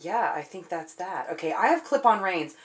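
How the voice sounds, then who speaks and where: A woman's voice: lowish voice, lively intonation, normal speed, slight background noise. A young adult woman, gushing and emotional as she unboxes something on her vlog at home. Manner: gushing, emotional, self-deprecating. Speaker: vlogger. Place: home indoors.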